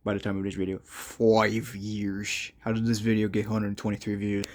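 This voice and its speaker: A young man giving casual commentary on his own old videos, rambling and self-mocking, with quick bursts and trailing asides. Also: on the low side, level tone, darkish tone.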